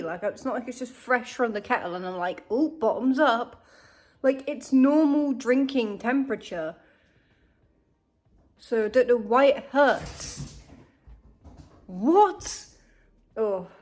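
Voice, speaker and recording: A woman's voice: high voice, moderate pace. Chatty young woman vlogging through pain. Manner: chatty and candid, swearing, animated asides. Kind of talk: casual vlog chat.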